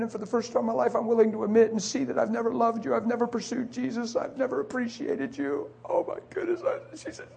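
A man's voice: extremely high pitch, fairly quick, gravelly, slightly rough. A middle-aged man preaching, telling an emotional personal testimony in a confessional way. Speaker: pastor.

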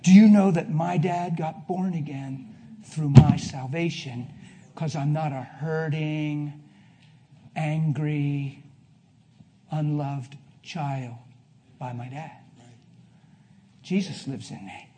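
High-voiced man preaching with swings from hush to loud. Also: fairly even intonation, slow pace, pauses often. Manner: emphatic, swings from hushed to loud. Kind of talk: sermon with personal story. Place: before a live congregation.

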